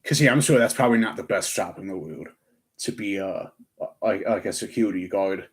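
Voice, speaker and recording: A man's voice: low-pitched, a little fast. A young man chatting on a live stream, rambling with lots of fillers and restarts. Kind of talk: casual live-stream chat.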